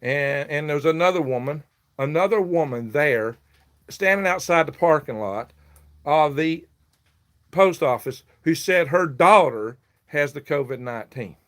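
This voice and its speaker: A man's voice: on the high side, lively intonation, unhurried, a bit bright. A man hosting a casual livestream, telling a rambling, aggrieved story. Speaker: livestream host selling worms.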